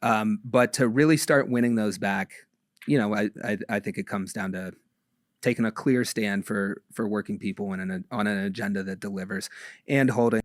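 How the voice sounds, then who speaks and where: A man answering interview questions in a measured way, often pausing with ums and restarting. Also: lowish voice, no echo, clean studio sound. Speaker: interview guest.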